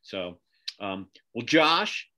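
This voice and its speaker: A man's voice: mid-range voice, big pitch swings, extremely slow, sharp tone. Rambling middle-aged male podcast host. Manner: rambling, many fillers and restarts. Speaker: podcast host and magazine publisher. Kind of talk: casual interview sign-off. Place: home office.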